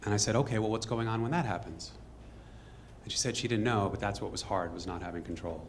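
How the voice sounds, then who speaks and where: Fast-talking man telling a story on stage. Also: fairly low pitch, a little hiss or hum. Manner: fast, conversational, with asides and reenacted dialogue. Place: stage before a live audience.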